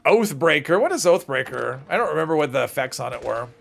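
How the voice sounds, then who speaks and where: A man's voice: fairly high pitch, very animated, quick pace, creaky, fairly bright tone, soft background music. A man streaming a game, rambling casually and chatting with viewers as he plays. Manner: rambling, chats with viewers while playing. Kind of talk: casual gameplay commentary.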